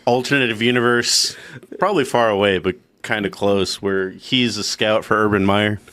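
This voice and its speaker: A man co-hosting a sports podcast, steady and steering the talk with questions. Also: on the low side, normal speed, no room sound. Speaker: podcast co-host. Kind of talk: casual sports chat.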